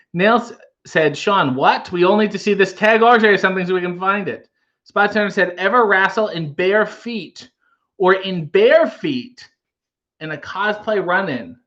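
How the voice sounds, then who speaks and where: A man's voice: high-pitched, a bit bright, lo-fi sound. A man hosting a casual livestream, reading viewer comments aloud and riffing on them with wry humor. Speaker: livestream host reading chat.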